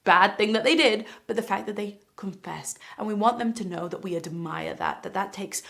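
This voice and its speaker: A woman giving a calm, explanatory parenting lesson to camera, now and then acting out what a parent or child might say. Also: mid-range voice, moderate pace, gravelly. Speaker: parenting educator. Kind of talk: instructional talk to camera.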